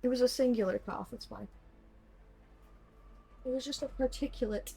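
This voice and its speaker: A woman's voice: fairly high pitch, normal speed, vocal fry, mellow, husky. A woman streaming a game, reading its narration aloud with chatty asides.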